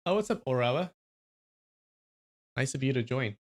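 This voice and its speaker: A man's voice: medium pitch, expressive, moderate pace. A man reading a novel aloud on a livestream, breaking off now and then for casual asides to his viewers.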